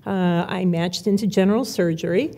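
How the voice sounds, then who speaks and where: A woman's voice: lowish voice, normal speed, dark tone. An older woman, a medical school dean, giving a gracious, reminiscing speech at a ceremony. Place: hotel ballroom.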